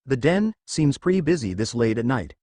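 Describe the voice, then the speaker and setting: A man's voice: mid-range voice, very animated, normal speed, warm tone, no room sound, studio quality. Man reading as an irritated young kunoichi. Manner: irritated, disapproving. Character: stern exasperated young kunoichi woman.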